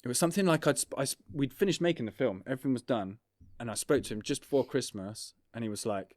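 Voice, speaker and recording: A man, a documentary filmmaker, talking in a relaxed, rambling way on a casual podcast, full of fillers and swearing. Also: mid-range voice, quick pace, no room sound, studio quality. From England.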